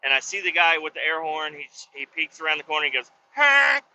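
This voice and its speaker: A podcast host talks through a story from behind the wheel of a car. His voice is slightly high, tense and sharp, and it moves around a lot in pitch. The sound is dull and lo-fi, with faint noise behind it. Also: fast talker. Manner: profane, animated, laid-back storytelling. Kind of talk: casual storytelling. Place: driving in a car.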